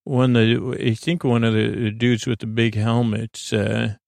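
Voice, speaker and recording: Gravelly man rambling through a recap. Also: mid-range voice, flat delivery, a little slow, a little mellow, dry recording, clean studio sound. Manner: rambling, retells dialogue with many fillers. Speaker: podcast host recapping a show. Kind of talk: casual episode recap.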